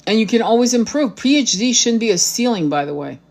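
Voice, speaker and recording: A woman's voice: fairly high pitch, lively intonation, a little fast, vocal fry, darkish tone. A woman hosting a live spiritual talk as a tarot reader, blunt, profane and fiery, repeating phrases for emphasis.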